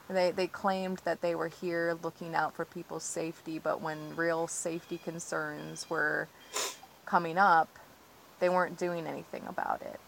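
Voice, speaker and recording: Standing outside among the trees on her land, a tree-sit protester gives an interview, agitated and earnest, peppering her account with "like" and "you know." She speaks at a moderate pace in a low, flat voice with vocal fry, captured on a low-quality recording with slight background noise.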